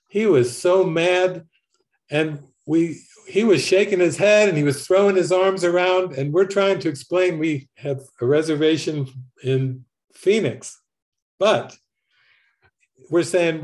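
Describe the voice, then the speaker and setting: A man, a spiritual teacher, telling a lively story and laughing often. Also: fairly high pitch. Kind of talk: storytelling talk.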